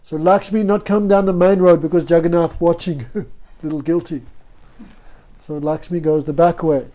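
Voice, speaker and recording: This man speaks at a moderate pace in a warm voice on the high side, his intonation fairly even. As a spiritual teacher, he leads a devotional class in storytelling fashion, often asking "no?".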